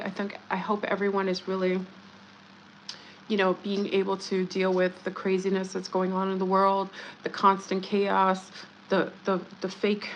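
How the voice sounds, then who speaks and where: A woman at a medium pitch hosts a casual livestream, talking straight to her viewers. She rambles and jokes in a conspiratorial tone and greets people by name. A faint hiss of noise sits under her voice. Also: rough recording. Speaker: livestream host.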